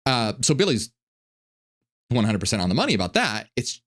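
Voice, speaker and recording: A man hosting a casual reaction commentary, talking in an animated, profane way and often restarting his sentences. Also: medium pitch, a little fast. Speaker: commentary host.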